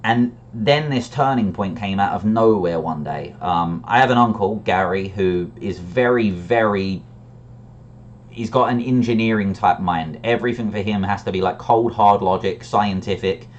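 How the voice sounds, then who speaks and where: In a relaxed monologue, a man with a fairly low voice shares his personal conversion story. He's reflective and candid, often repeating words as he restarts a thought, with brief laughs along the way. The audio is dull and lo-fi.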